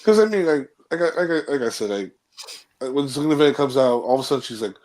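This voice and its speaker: Co-hosting a casual podcast chat, this man rambles, restarts his sentences, and acts out mock quotes of other people. His medium-pitched voice has a darkish tone, lively intonation, and a quick pace.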